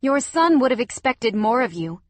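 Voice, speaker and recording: A woman's voice: a little high, big pitch swings, moderate pace, no room sound, pitched above the performer's own voice. A woman voicing a hurt but defiant young widowed mother in an audiobook, emotional and firm.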